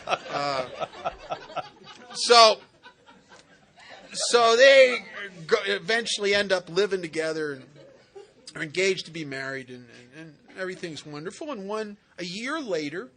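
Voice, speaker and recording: A man speaking at a recovery retreat, telling funny stories in an animated, joking way with slangy asides. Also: sits high, a little slow, long pauses. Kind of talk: humorous storytelling talk. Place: retreat center meeting.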